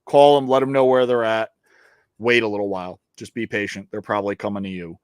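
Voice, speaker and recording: A man's voice: fairly low pitch, steady tone, quick pace, clean tone, dry recording, studio quality. A man co-hosting a casual podcast chat, boastful and joking, swearing freely and trailing off into fillers. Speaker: co-host.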